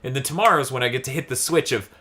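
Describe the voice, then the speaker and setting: A man's voice: medium pitch, racing. A young man co-hosting a casual gaming podcast, tired and swearing freely. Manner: swearing, tired, animated when excited. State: exhausted. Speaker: podcast co-host.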